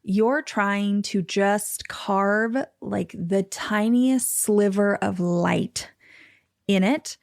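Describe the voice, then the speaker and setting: A woman's voice: medium pitch, fairly even intonation, very slow, vocal fry, no room sound, studio quality. A woman podcast host talking casually, thinking aloud and filling her speech with "like.". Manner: chatty, lots of "like" fillers, thinks aloud. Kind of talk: casual conversation.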